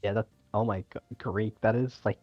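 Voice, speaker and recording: Hesitant man, low husky voice, dull lo-fi recording. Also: steady tone, moderate pace, soft background music. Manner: short reactions, hesitant. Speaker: friend in voice chat. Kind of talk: casual chat. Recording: dull lo-fi sound.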